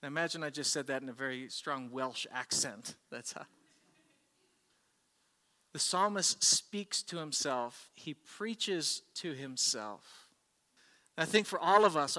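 Earnest male pastor, bright voice, reverberant hall. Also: on the high side. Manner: earnest, conversational preaching. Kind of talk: sermon. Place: church service.

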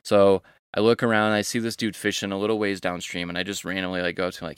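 A young man with a deep, smooth voice works through a story the way he talks off the clock, full of slang and loose asides. He is a fishing guide recording a podcast, and the sound is close and dry. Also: level tone, fast, no echo. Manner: laid-back, rambling with casual slang.

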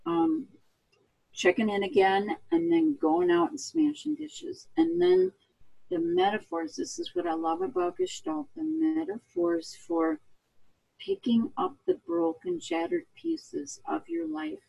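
A woman's voice: extremely high pitch, a little slow, vocal fry, mellow, rough recording. A woman guest, an equine therapist, talking earnestly and with animation in a casual interview.

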